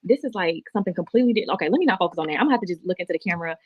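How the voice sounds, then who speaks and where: A woman's voice: on the low side, lively intonation, very fast, husky, dry recording. A woman, talking to her viewers in an emotional, heartfelt, rambling livestream. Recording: muffled, dry replayed stream audio.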